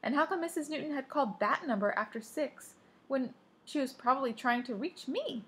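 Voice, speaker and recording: A woman's voice: sits high, lively intonation, brisk, a bit bright, breathy edge. A woman reading a first-person story aloud, dropping offhand asides of her own. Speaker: audiobook reader. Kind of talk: first-person audiobook narration.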